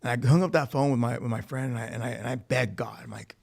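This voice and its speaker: A man with a mid-range, gravelly, slightly mellow voice talks fast as he shares his recovery story in a recovery facility meeting room. It's personal testimony, told candidly, with swearing and acted-out quoted dialogue.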